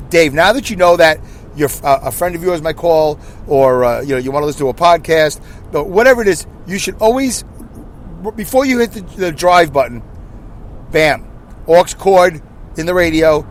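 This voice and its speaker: A man's voice: fairly high pitch, slight background noise. A man in his fifties hosting a solo podcast, rambling through a self-deprecating, emotional rant. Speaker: podcast host.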